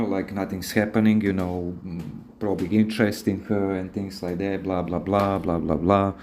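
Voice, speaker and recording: A man's voice: lowish voice, dark tone. A man hosting a podcast, giving advice in a rambling, casual, instructive monologue with frequent restarts. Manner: rambling, repeats words and restarts often.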